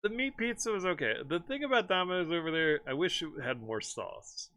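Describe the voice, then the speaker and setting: A man's voice: high-pitched, a little fast. A man hosting a live stream, chatting casually and rambling, laughing often. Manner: rambling, laughs often, animated when excited. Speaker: streamer host. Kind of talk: casual chat.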